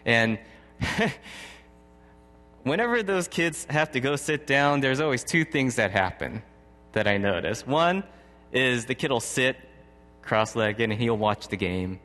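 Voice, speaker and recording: A man in his thirties is preaching a sermon, telling a personal story conversationally and chuckling often. His medium-pitched voice is animated and fairly bright, unhurried, with long pauses. The recording carries a long hall reverb.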